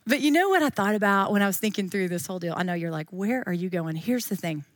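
A woman's voice: mid-range voice, expressive, quick pace, no echo. Woman in her 40s, Bible study teacher, chatty and playful, dry close sound. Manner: chatty and playful, with frequent asides.

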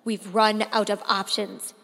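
Woman reading as a stern tired dad, low clipped lines, bright voice, echoey reverb. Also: little pitch movement, measured pace, gravelly. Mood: cold. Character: stern, worn-out middle-aged father.

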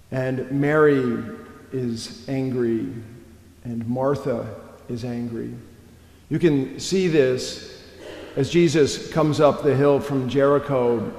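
Male pastor, unhurried sermon delivery, reverberant church hall. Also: mid-range voice, darkish tone. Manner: slow, reflective storytelling with long pauses.

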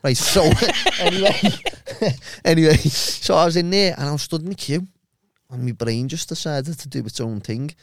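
A young man with a Liverpool accent, a podcast guest telling casual stories, animated and swearing freely as he acts out his own reactions. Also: on the high side, normal speed, no room sound, clean studio sound. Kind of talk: casual storytelling chat.

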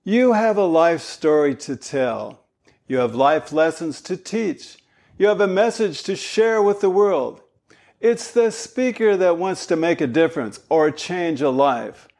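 A man giving a spoken lesson as a voice coach, animated and demonstrative. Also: on the high side, a little slow. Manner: animated, demonstrating vocal styles.

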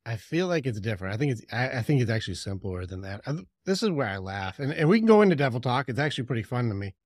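A man co-hosting a casual conversation, telling stories in an animated way with quick asides. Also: medium pitch, no room sound, studio quality. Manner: animated storyteller, lively with impressions and asides. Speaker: podcast co-host.

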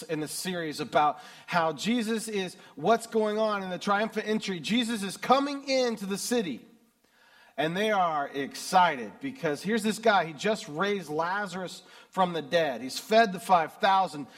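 American male pastor, middle-aged, high-ish voice, sermon with dramatic loud-soft swings. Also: moderate pace. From United States. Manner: dramatic swings between loud emphasis and hushed reading.

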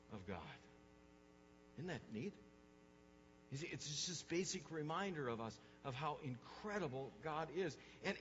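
A male pastor preaching a sermon, emphatic, repeating words for stress and swinging from hushed to loud. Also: on the high side, big-room sound, highs cut off, a little hiss or hum.

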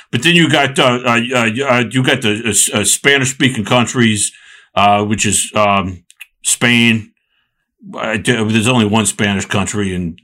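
Male co-host, lowish bright voice, rambling sports banter full of restarts. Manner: rambling, halting, many fillers and restarts. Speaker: podcast co-host.

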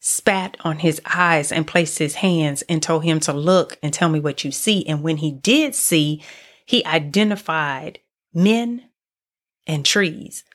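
A woman's voice: sits low, a bit bright. A woman hosting a podcast, giving an earnest devotional teaching and telling a story expressively, often restarting her phrases. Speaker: podcast host teaching on faith.

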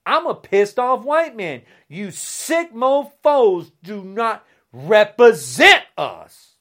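A man delivering a heated, insulting rant straight to camera, swinging between shouting and a low, menacing growl. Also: sing-song, takes it slowly. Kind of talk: angry political rant to camera.

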